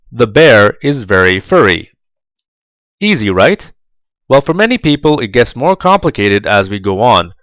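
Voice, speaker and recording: A man reading a scripted tutorial voice-over for job applicants, slow, deliberate and clearly enunciated. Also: medium pitch, fairly bright tone, dry recording, rough recording.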